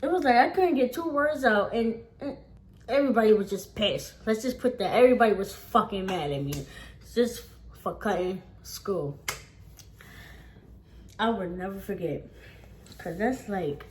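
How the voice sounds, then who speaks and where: A young adult woman talks straight to camera in a casual storytime vlog. Her voice sits at an ordinary middle pitch. She swears freely and leans on repeated phrases to drive each point home. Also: expressive, moderate pace, long pauses. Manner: profane, emphatic, repeats phrases for emphasis. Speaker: vlogger.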